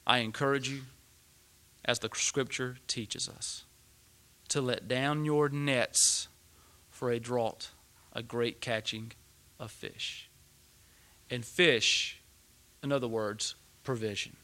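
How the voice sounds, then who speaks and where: A man's voice: mid-range voice, fairly even intonation, slow pace, pauses often, sharp tone. A middle-aged man preaching a sermon, telling a personal story and building to emphatic peaks.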